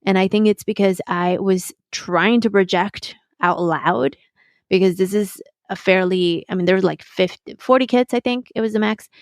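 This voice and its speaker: A woman hosts her own podcast, thinking aloud in a measured, reflective way. She slips Spanish words into her English sentences. Her voice sits in the middle of the range and sounds dry and close. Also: medium pitch, no room sound. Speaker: podcast host. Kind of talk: reflective solo podcast talk.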